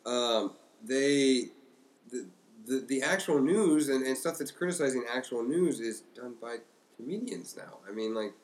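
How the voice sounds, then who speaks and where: A man co-hosting a podcast in casual discussion, halting, with many fillers and restarts. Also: mid-range voice, animated, low-quality recording. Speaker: podcast co-host.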